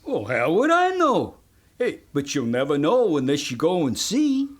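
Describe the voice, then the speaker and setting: A man's voice: on the high side, wildly swooping pitch, measured pace, full character voice. A man voicing a breezy, easily offended male butterfly in a children's storybook. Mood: airy.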